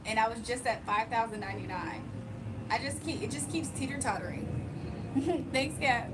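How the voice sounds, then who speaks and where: Recorded from a distance with background noise, a young woman with a slightly high voice runs a relaxed livestream offering spiritual readings. She reads viewers' comments out loud, chats with them and laughs a lot.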